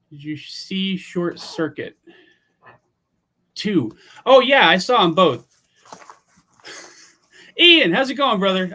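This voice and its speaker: With a high-pitched, pushed, bright voice, a man of about fifty from Pennsylvania hosts a casual home livestream. He keeps things easygoing, swearing casually as he chats.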